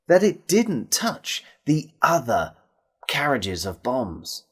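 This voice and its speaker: A man telling a wartime folk tale to children, expressive and speaking straight to his listeners. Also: medium pitch. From England. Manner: expressive, addresses listeners directly. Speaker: storyteller. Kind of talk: storytelling for children.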